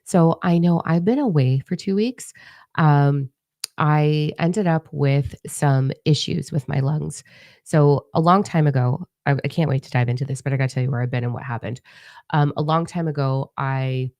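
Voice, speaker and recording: A woman's voice: low voice, normal speed, a little mellow, no room sound. A woman hosting a casual livestream as a spiritual channeler, chatty and rambling with a slight lisp, still recovering her voice. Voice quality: slight lisp from new braces. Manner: chatty, rambling, with many fillers. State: recovering voice after lung trouble. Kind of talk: casual live-stream chat.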